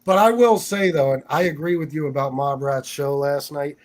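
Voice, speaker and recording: A man with a slightly high voice talks at a moderate pace while hosting a casual livestream chat. His speech is loose and profane, packed with swearing and fillers.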